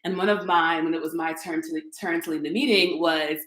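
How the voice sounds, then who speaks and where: A woman's voice: low voice, fairly even intonation, fairly quick, fairly bright tone. A woman in her twenties chatting casually to live-stream viewers while she walks through a modern apartment, picked up by a camera mic. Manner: chatty and playful, talks straight to viewers. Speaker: YouTuber giving an apartment tour. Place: modern open-plan apartment, indoors. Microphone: camera mic, walking through rooms. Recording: echoey apartment rooms.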